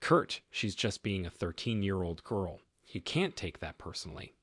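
A man's voice: low voice, big pitch swings, moderate pace, fairly bright tone, husky, no echo, clean studio sound, exaggerated voice. A man voicing a desperate, flustered wife pleading on the phone in a story reading. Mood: anxious.

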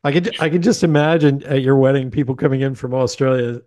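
A man's voice: mid-range voice, quick pace, dark tone. A man hosting an interview podcast, upbeat and joking as he encourages his guest. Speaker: podcast host. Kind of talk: casual interview chat.

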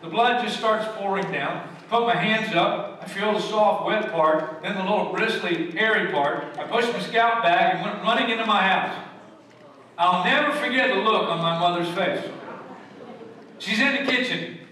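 Bright-voiced male pastor, echoey hall. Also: high-pitched, normal speed, slight background noise. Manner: storytelling, emphatic, swings from loud to hushed. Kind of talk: sermon. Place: church sanctuary. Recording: echoey church hall from far off.

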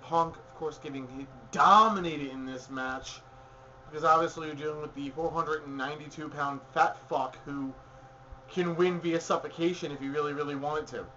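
A fairly high-voiced man chats loosely about the week's wrestling, rambling and opinionated, stopping to correct himself as he goes. The recording is dull and lo-fi with a faint hiss behind him. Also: fairly even intonation, moderate pace, bright, forceful tone. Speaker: podcast co-host. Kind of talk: casual wrestling recap chat.

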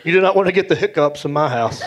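A middle-aged man with a Southern US accent telling animated stand-up stories on stage, acting out the voices he quotes. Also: fairly high pitch, quick pace, highs cut off. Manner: animated, acts out voices, drawling. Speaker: stand-up comedian. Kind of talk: stand-up storytelling. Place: comedy stage. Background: audience laughter.

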